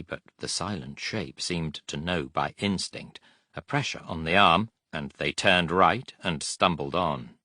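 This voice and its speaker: A man reading an audiobook aloud in a measured, dramatic storytelling manner, recorded in a studio. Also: low-pitched, pushed and bright, no room sound. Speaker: audiobook narrator. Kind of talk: scripted audiobook narration.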